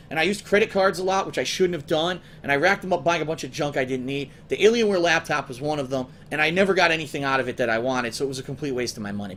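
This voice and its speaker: A man's voice: a little high, a bit bright, a little hiss or hum. A man casually telling profane, rambling stories to his viewers as a gaming show host, acting out his friends' voices as he goes.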